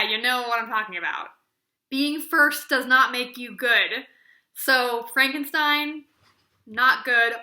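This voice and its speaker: Sarcastic woman book reviewer, bright sharp voice, roomy echo. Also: a little high. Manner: sarcastic, rambling, heavy on "like". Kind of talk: casual video book review. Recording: echoey room.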